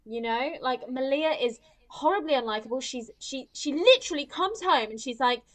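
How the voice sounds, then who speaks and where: A woman's voice: high-pitched, expressive, moderate pace, fairly bright tone. A woman co-hosting a film podcast, ranting and swearing as she mimics characters in casual chat. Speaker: podcast co-host.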